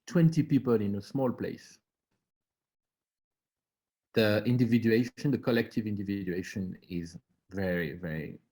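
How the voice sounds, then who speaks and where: A man with a low, warm and mellow voice, talking on a video call as an artist on a panel. He speaks slowly and reflectively, often pausing to find his words. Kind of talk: academic panel discussion.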